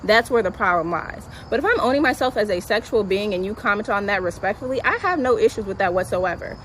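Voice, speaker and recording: Fast-talking woman, firm explainer. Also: medium pitch, lively intonation, fairly bright tone, a little hiss or hum, poor audio. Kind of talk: social video commentary.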